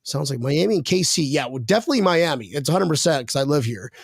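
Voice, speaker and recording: A man's voice: on the high side, lively intonation, quick pace, vocal fry, no echo. Jokey man hosting a podcast, dry sound. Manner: jokey, rambling, reads viewer comments aloud. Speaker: podcast host. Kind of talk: casual chat.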